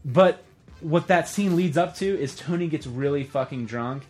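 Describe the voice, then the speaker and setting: A man co-hosting a casual podcast, retelling film scenes in a lively way and acting out the characters' lines in quick voices. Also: on the high side, soft background music. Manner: animated storyteller who acts out movie scenes in quick voices. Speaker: podcast co-host. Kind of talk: casual movie chat.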